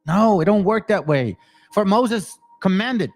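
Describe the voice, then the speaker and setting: A man giving a casual, excitable scripture study, reading verses and then explaining them in slang, often repeating words. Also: sits high, measured pace, soft background music. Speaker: bible teacher.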